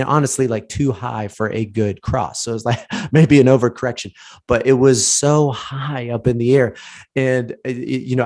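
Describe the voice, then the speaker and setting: A man in his thirties, a lawyer who hosts a podcast, gives a casual motivational talk and tells stories, full of fillers and restarts. His voice is mid-range with a darkish tone.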